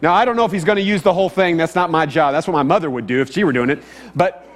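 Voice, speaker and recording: A pastor with a rather high voice preaches at a rapid-fire pace, keeping it conversational and regularly asking the congregation questions. The sound carries long hall reverb and a faint mains hum.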